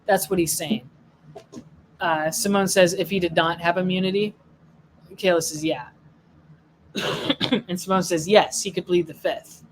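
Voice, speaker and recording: A woman's voice: lowish voice, steady tone, measured pace, pauses often, slight background noise, poor audio. A woman, a legal affairs journalist, reading a court transcript aloud and naming each speaker before their words.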